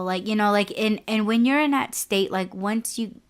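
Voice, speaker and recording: A woman's voice: medium pitch, moderate pace. A young adult woman hosting a podcast, telling a personal story in a frank, candid way, full of "like" and "you know". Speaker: podcast host.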